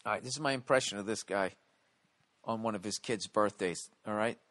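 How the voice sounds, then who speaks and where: A man's voice: on the low side, fairly quick, fairly bright tone, dry recording. Blunt foul-mouthed podcast host, a man. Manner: swears constantly, blunt. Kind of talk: profane casual podcast rant.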